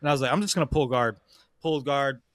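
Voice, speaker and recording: A man's voice: mid-range voice, fast talker, a bit bright, dry recording, studio quality. Slangy young man telling a story. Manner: slangy, swears a lot, says "bro" often. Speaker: podcast host. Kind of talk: casual storytelling.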